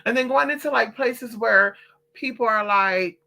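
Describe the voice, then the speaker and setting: A woman's voice: medium pitch, brisk, vocal fry. A woman telling a long, profane story in a casual storytime vlog, talking straight to her viewers and acting out other people's voices. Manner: animated, profane, chatty. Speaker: vlogger.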